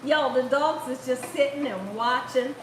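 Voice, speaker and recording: A woman's voice: high voice, measured pace, a bit bright, reverberant, a little hiss or hum, poor audio. A woman hosting a live cooking stream, chatty and laughing often as she reads the chat aloud. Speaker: cooking channel host. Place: home kitchen.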